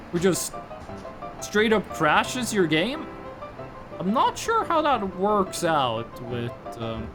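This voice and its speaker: A streamer from Norway speaking with an American-sounding accent, chatty and rambling, full of fillers. The pitch bounces around a lot. Faint music plays underneath. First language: Norwegian. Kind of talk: casual gameplay commentary.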